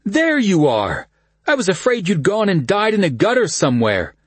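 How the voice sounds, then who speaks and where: A man voicing a boisterous young man who teases his cousin loudly, higher than his own voice. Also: moderate pace, slightly rough, dry recording, heavily acted. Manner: loud, excited, mocking.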